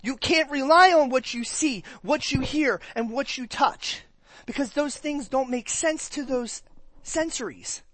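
Preacher, sermon, animated, conversational, questions the congregation, close and dry sound. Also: sits high, no room sound. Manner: animated, acts out listeners' reactions in quick put-on voices. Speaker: pastor.

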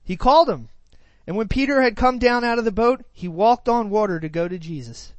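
A woman's voice: a little high, expressive, brisk, no room sound. A woman preaching, who retells a scripture passage and then teaches it in a conversational way, full of rhetorical questions and "right?" tags.

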